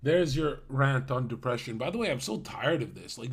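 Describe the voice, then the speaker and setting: A young man ranting crudely on a livestream, mocking his viewers and swinging between loud outbursts and muttered asides. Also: mid-range voice, very animated, moderate pace, few pauses.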